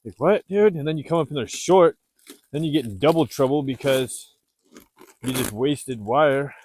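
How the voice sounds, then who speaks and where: A man from the US Northwest, a homesteader, talking loudly and rambling with self-deprecating humor while he works outside in the snow. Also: mid-range voice, normal speed, a little hiss or hum. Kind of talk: casual vlog narration while working. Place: outdoors in the snow at a dog pen.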